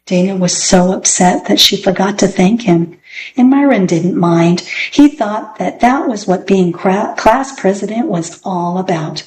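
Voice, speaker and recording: Female storybook narrator, gentle and clear, unhurried, with a mid-range voice. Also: mid-range voice, slight background noise, poor audio. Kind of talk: reading a children's book aloud.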